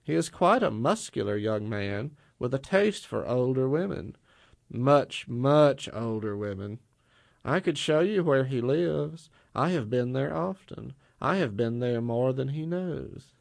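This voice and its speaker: A man reading a story voices a tall, mocking woman of power who teases and taunts in quick patter. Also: mid-range voice, lively intonation, creaky, dry recording, studio quality. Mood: taunting.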